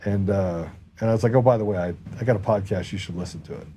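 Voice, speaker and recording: Give me a male podcast host with a low mellow voice, telling an anecdote casually. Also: fast talker, slight background noise. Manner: animated anecdote teller, quotes people in his own voice. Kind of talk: casual storytelling chat.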